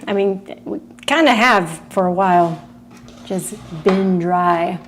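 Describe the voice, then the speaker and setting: A woman's voice: fairly low pitch, takes it slowly, slight background noise. A woman from California, a movement instructor, casually chatting and greeting livestream viewers by name before class, often giggling.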